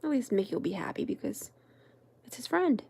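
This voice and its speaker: A woman crafting-channel host who tells a meandering story in a soft, chatty whisper. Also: on the high side, very animated, a little fast, vocal fry, breathy edge.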